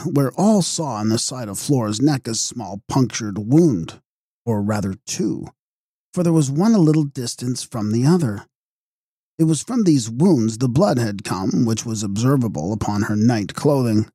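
A man narrating a gothic horror audiobook in a measured, dramatic way. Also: mid-range voice, expressive, dark tone, breathy edge, no room sound, clean studio sound. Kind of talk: scripted narration.

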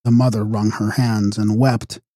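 Man narrating a horror audiobook, measured and dramatic, dark mellow voice, dry close mic. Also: lowish voice, little pitch movement, dry recording. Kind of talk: scripted narration.

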